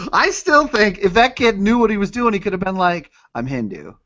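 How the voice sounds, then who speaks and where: Podcast co-host, man, profane and giggly, slightly high voice, dry lo-fi recording. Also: animated, moderate pace, pushed and bright, no echo. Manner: profane, laughing, reads news aloud with jokes. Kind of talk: casual comedic chat. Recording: dull, dry lo-fi sound.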